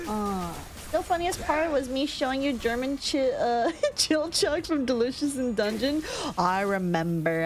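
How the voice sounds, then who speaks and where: A woman's voice: mid-range voice, slight background noise. A woman streamer chatting casually over gameplay. She swears freely, laughs often and reads chat aloud.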